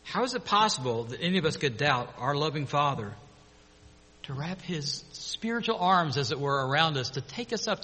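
A man preaching a sermon, telling a story in an earnest, animated way. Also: fairly high pitch, moderate pace. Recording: long hall reverb.

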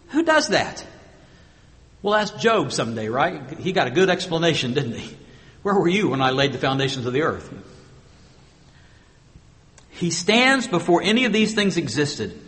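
A man preaching a sermon with emphatic rhetorical questions, moving between loud stressed phrases and quiet asides. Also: fairly high pitch, sing-song, normal speed, long pauses, long reverb tail. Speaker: pastor.

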